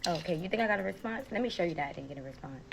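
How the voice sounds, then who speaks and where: A woman's voice: on the low side, animated, racing, gravelly, a little hiss or hum. A young adult woman vlogger telling her story casually and directly to her followers, sassy and talking straight to them. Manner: sassy, direct, addresses viewers as y'all.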